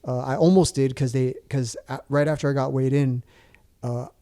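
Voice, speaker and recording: This is a man in his forties with a warm, mellow tone, chatting as a podcast guest. He tells his story loosely, full of fillers and restarts, at an even middle pitch. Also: moderate pace. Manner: rambling, many restarts and fillers. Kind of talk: casual storytelling chat.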